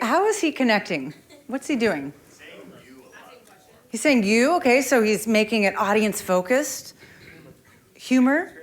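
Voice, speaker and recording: A woman presentation coach leading a conference workshop, lively and speaking straight to the audience. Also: mid-range voice. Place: conference room.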